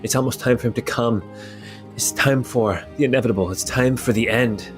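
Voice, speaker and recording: A woman's voice: a bass voice, a little fast, soft background music. A man voicing a tearful, zealous female cultist who chants for her god's arrival. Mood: awed. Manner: fervent, chanting. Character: weeping zealous female cultist awaiting doom.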